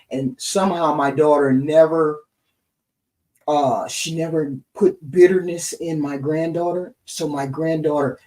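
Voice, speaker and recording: Middle-aged woman co-host, casual animated storyteller, warm mellow tone, sits back from the mic. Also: sits low, recorded from a distance, low-quality recording. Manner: animated retelling, tags lines with "right?". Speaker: podcast co-host.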